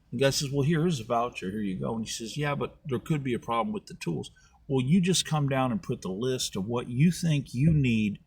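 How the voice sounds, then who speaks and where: A man with a husky, slightly breathy voice spins a rambling, folksy tale in casual talk. He slips into the voices of the people in his story as he goes. The sound is dry and close, with almost no room around it. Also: mid-range voice, dry recording. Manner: acts out both sides of imagined dialogues, folksy and rambling. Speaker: political candidate.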